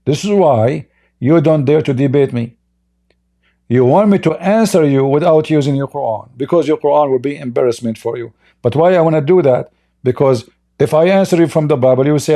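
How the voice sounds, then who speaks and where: Male debate host, combative and mocking, pitched a bit high with a mellow tone. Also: brisk. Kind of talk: live online debate.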